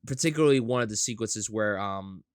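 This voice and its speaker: A man's voice: fairly low pitch, brisk, clean tone, dry recording, clean studio sound. A man guesting on a podcast, chatting animatedly, swearing and acting out lines. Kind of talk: casual chat.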